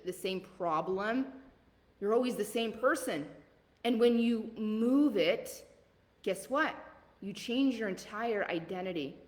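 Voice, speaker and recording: A woman with a Southern accent coaches a live group call with blunt, rapid-fire encouragement. Her voice carries a long reverb, like a hall. She keeps asking questions and answering them herself. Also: mid-range voice, fairly bright tone. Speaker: leadership coach.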